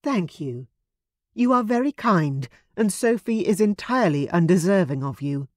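A woman voicing a young, gentle but resolute heroine who speaks earnestly and with composure. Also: fairly low pitch, lively intonation, normal speed, no echo, studio quality. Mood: composed.

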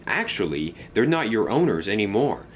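A man voicing a stout, firm male railway controller who speaks calmly and with authority. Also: lowish voice, moderate pace, a little hiss or hum. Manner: calm and commanding.

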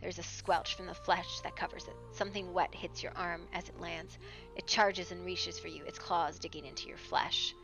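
A woman acting as game master, narrating a horror tabletop scene on a live stream in a hushed, hesitant way with frequent ums. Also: lowish voice, little pitch movement, moderate pace, music in the background.

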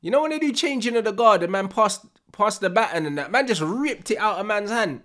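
A young man, reacting live to a football match with loud, slangy banter and frequent laughter. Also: sits high, animated, a little fast.

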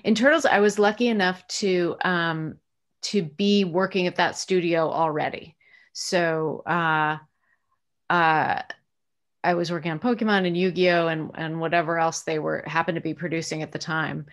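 A woman's voice: on the low side, fairly even intonation, moderate pace. A middle-aged American woman, a voice actress, answering interview questions in a chatty, reflective way with plenty of fillers and restarts. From United States.

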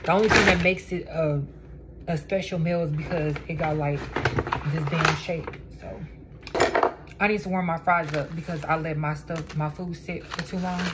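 Low-voiced young woman, blunt slangy vlog rant, noisy phone recording. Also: fairly even intonation, moderate pace. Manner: blunt, slangy, swears freely. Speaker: vlogger. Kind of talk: casual mukbang vlog rant. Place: indoors at home, poor lighting.

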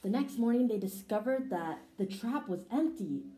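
A woman reading a children's picture book aloud in an expressive storytelling manner. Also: fairly high pitch, normal speed. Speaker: storybook reader. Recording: roomy echo.

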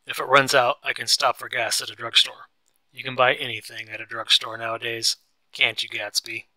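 A man doing a loud, sneering rich husband. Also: medium pitch, little pitch movement, normal speed, no room sound, rough recording. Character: angry, domineering rich husband.

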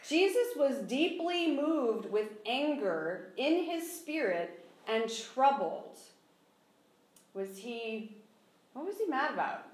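A woman with a fairly high voice teaching a sermon in an echoey church sanctuary. She talks animatedly and acts out the people in the scripture, laughing as she goes. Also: very animated, slow. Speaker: preacher. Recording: echoey room.

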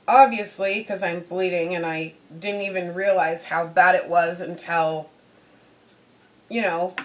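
A woman's voice: mid-range voice, poor audio. A woman beauty vlogger telling a personal story in a chatty way, full of "you know"s. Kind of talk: casual storytelling.

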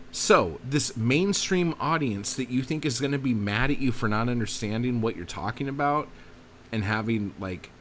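A man's voice: mid-range voice, a bit bright, a little hiss or hum. A man hosting a podcast, ranting casually with lots of swearing and self-mocking asides. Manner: profane, emphatic, self-mocking. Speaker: podcast host.

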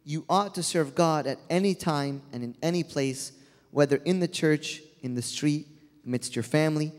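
A man voicing a gentle male angel who patiently reasons and consoles. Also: fairly high pitch, normal speed, lightly acted. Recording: long hall reverb.

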